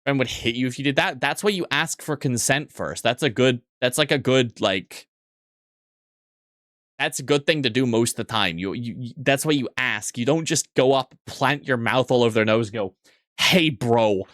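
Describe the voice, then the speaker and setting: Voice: mid-range voice, normal speed, fairly bright tone, no echo, studio quality. Crude, joking livestream host. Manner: crude, joking, swears often; rambling, restarts sentences. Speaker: streamer. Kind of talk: casual livestream chat with viewers.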